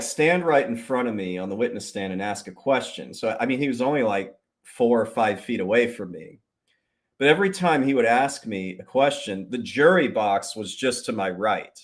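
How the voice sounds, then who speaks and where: A man hosting his own show, telling a long story in a casual, profane, animated way and acting out the people he quotes. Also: medium pitch. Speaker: podcast host.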